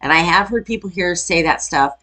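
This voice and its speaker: A woman from Wisconsin hosting a casual reaction video, chatty and quick to exclaim. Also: lowish voice, lively intonation, bright, forceful tone, low-quality recording. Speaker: YouTube reaction host.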